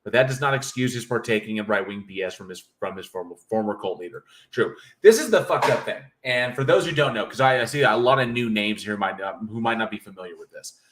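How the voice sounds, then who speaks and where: A man's voice: on the low side, lively intonation, fast, few pauses, fairly bright tone, slight background noise. A man hosting a livestream in casual chat, reading viewer comments aloud and joking with a loose, profane manner. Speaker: livestream host.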